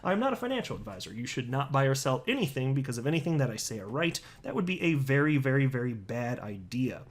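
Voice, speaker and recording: A man's voice: medium pitch, sing-song, fast talker. A man hosting a crypto commentary talk, speaking bluntly and scornfully with frequent restarts. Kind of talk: casual commentary monologue.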